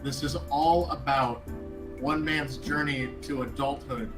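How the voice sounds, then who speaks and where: A man's voice: medium pitch, steady tone, measured pace, over music. A man on a gaming stream giving blunt, swear-filled remarks about the game. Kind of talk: let's play banter.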